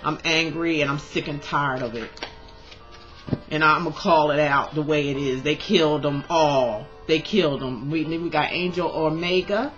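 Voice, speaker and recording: A woman's voice: low voice, normal speed, dull audio, faint music behind. Passionate rambling woman tarot reader. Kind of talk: tarot reading vlog.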